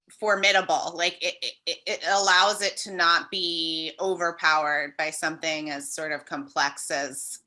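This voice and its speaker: A woman speaking as a cheese expert on a webinar, relaxed and casual, with loose wording and fillers. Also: lowish voice.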